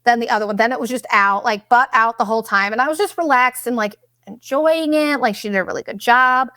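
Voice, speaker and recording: A young woman hosting a podcast, telling a vacation story in a blunt, profane, animated way and acting out what people said. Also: a little high, fairly quick, no room sound, clean studio sound. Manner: blunt and profane, animated retelling with quoted asides. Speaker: podcast host. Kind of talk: casual storytelling monologue.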